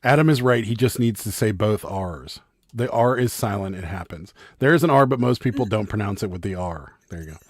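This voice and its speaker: A man's voice: on the low side, expressive, fairly quick, darkish tone, dry recording, clean studio sound. A man co-hosting a live home stream, chatting casually in a rambling, teasing way full of fillers. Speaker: co-host of a live reselling stream. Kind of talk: casual chat. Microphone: desk microphone.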